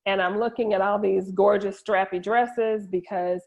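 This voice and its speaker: A woman's voice: medium pitch, steady tone, moderate pace, gravelly, a little mellow. A middle-aged woman, a guest in an interview, candidly sharing an emotional personal story with frequent restarts. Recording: dull lo-fi audio.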